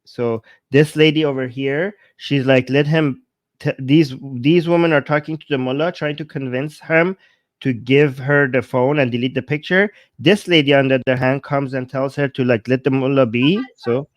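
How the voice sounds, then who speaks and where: A man giving casual commentary while translating a video, halting and often restarting his sentences. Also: medium pitch, fairly even intonation, dry recording. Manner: halting, with frequent restarts and repeated words.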